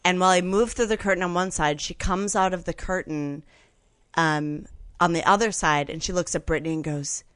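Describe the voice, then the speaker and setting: Woman comedian guest, lower voice, animated chatty storyteller, dry studio. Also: fairly quick, clean tone, dry recording. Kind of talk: casual anecdote telling on a podcast.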